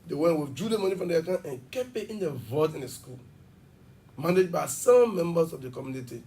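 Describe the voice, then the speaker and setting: A man's voice: a little high, expressive, mellow, distant mic. A man, an education official explaining at length in a TV interview. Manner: fast, emphatic explaining with examples. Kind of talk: television interview.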